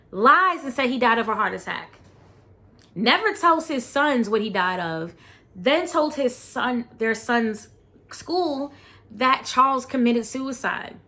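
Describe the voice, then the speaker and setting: A woman's voice: a little high, pushed and bright. A woman vlogger talks casually about a documentary she watched. Her delivery is blunt and outspoken, and she peppers it with slang. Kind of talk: casual reaction commentary.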